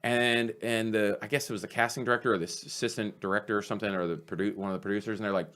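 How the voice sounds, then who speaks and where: A comedian, telling stories in a casual podcast chat, animated and swearing freely. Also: male voice, lowish voice, racing, few pauses. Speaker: comedian guest.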